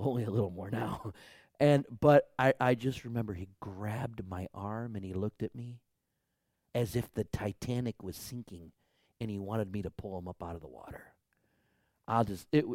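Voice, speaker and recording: A man, a pastor, preaching a sermon and telling a story, dropping to a hush and then rising loud and high. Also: no echo, clean studio sound. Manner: storytelling with big swings from hushed to loud.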